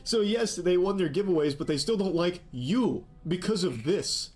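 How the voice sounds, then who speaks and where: A man's voice: high voice, lively intonation, normal speed, a little mellow. A man commentating on a stream clip in a sarcastic, mocking, incredulous way. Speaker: reaction commentator.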